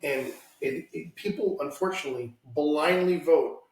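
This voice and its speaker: A man's voice: on the high side, normal speed, recorded from a distance, a little hiss or hum. A man hosting a casual podcast, speaking bluntly about politics and swearing freely. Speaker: podcast host. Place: home room, lives in Washington state. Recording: roomy echo, somewhat off-mic.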